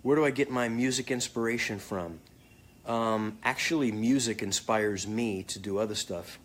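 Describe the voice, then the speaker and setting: A man's voice: on the low side, moderate pace. A man casually answering fan comments, joking and swearing freely. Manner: joking, profane, off the cuff. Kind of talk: casual live chat.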